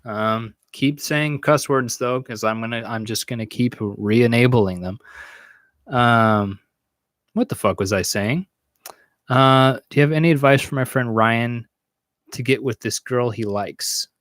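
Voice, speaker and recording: A young man hosting a podcast, answering chat questions in a rambling, halting, profane way and laughing often. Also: medium pitch, a bit bright, no room sound. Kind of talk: casual live Q&A chat.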